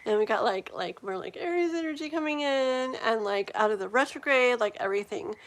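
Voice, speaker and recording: A woman in her forties with a slightly high voice hosts a live tarot stream. She chats loosely and rambles, scattering fillers and giggles as she talks to her viewers. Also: a little fast. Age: 40s. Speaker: tarot reader hosting a livestream. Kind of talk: casual livestream chat.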